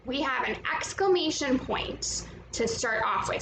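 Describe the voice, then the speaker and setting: A woman's voice: high voice, expressive, unhurried, noisy background. A woman teaching a children's movement lesson, upbeat and encouraging, explaining each step. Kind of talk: guided movement lesson for kids. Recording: echoey room, mic at a distance, music playing.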